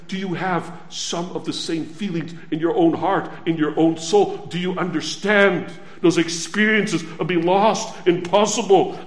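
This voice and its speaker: High-voiced preacher in an echoey room. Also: male voice. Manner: emphatic, repeating phrases, swinging from hushed to loud. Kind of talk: sermon.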